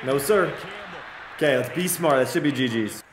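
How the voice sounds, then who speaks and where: A young man playing a football video game, reacting loudly and cheering or yelling at each play as a gaming commentator. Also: medium pitch, moderate pace, roomy sound, background noise. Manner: excitable, yells and cheers at plays. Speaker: gaming YouTuber.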